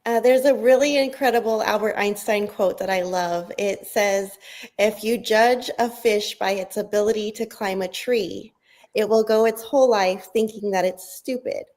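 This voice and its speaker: A woman's voice: medium pitch, moderate pace, a little mellow. A woman on a virtual panel speaking in an upbeat, encouraging way. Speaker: summit speaker. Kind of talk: panel discussion. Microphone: video call.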